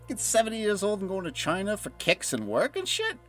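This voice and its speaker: A man's voice: high voice, wildly swooping pitch, a little fast, hardly any pauses, a bit bright, faint music behind. A young man livestreaming a game, telling rambling, profane stories and laughing often. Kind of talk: casual chat while gaming.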